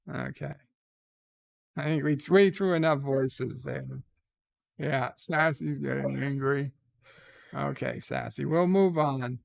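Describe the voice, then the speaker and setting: A man hosting a live stream, chatting casually and reading out viewer comments with frequent hesitant pauses. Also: mid-range voice, vocal fry. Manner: unhurried, with frequent hesitant fillers.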